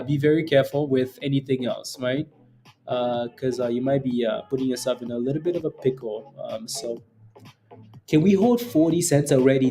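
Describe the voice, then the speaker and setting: A man hosting a live trading stream, chatting casually with viewers, repeating phrases and filling gaps with ums and quick laughs. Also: medium pitch, mellow. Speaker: stock trading livestream host. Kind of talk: casual live commentary answering chat.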